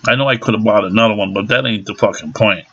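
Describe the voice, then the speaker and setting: A man's voice: on the low side, quick pace, gravelly, fairly bright tone, slight background noise. A middle-aged man telling rambling, profane stories in casual chat, full of fillers and restarts. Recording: dull lo-fi home recording.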